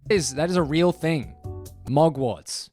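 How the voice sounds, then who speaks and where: A man's voice: on the high side, slow, a little mellow, soft background music. A man narrating a commentary video in a wry, incredulous tone.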